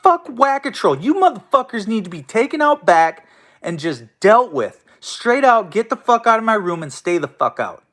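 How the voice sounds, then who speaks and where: A man's voice: sits high, very animated, normal speed, a bit bright. A man hosting his own online show, ranting angrily at his listeners with constant swearing and stammered restarts. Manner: profane, confrontational, stammering restarts. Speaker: host of an online audio room show. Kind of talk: angry ranting monologue.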